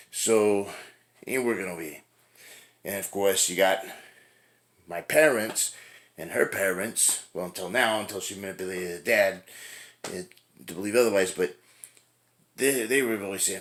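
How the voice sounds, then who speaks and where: A man's voice: low voice, normal speed, a bit bright. A middle-aged man venting to the camera in a rambling, casual way, with frequent swearing, often tagging "right?" onto his sentences. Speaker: fitness vlogger.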